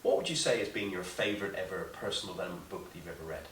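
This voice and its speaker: Deep-voiced, fast-talking podcast host. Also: male voice, animated, a bit bright. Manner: encouraging, quick interjections. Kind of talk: interview questions. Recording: roomy distant mic with faint hiss.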